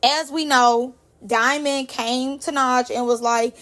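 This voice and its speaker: A woman with a high-pitched voice runs through reality-show drama in a casual gossip recap. She tells it in an animated, slangy way as a young host talking to her viewers. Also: takes it slowly.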